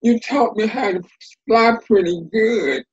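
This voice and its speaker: A man voicing a small, slow male terrapin who is humble and sly, speaking in a high, wailing voice. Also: dull audio. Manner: plaintive, wailing.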